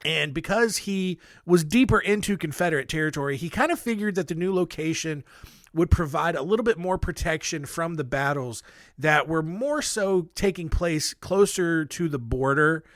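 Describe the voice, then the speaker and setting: A man with a somewhat high voice hosts a casual history podcast, rambling through his stories with offhand, self-deprecating asides. The recording is dry and close, with a handheld mic. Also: fairly bright tone, no echo. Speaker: podcast host. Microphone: handheld microphone.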